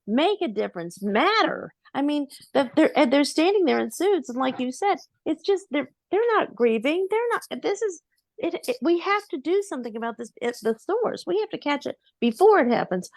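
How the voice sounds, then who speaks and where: A woman's voice: high-pitched, big pitch swings, moderate pace, no echo. A woman on a video call speaking passionately in support of the host, stammering as she goes. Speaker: podcast participant. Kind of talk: casual chat on a video call.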